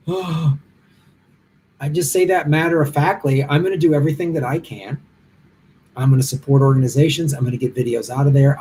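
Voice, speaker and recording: A man's voice: mid-range voice, dark tone, a little hiss or hum. A middle-aged man, a stand-up comic, talking bluntly and passionately as he answers viewer comments from a hotel room. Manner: impassioned, blunt, rambling. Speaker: stand-up comic hosting a live Q&A stream.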